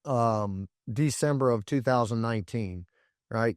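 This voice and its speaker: A man's voice: mid-range voice, normal speed, dry recording, studio quality. A man in his forties hosting a solo podcast, talking emphatically with frequent restarts and repeated words. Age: 40s. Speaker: podcast host.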